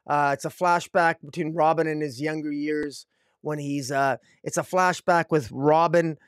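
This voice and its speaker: A man's voice: on the high side, steady tone, moderate pace, smooth, no echo, studio quality. A man reviewing comic books alone, rambling with many fillers and restarts. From Canada. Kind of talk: casual solo review.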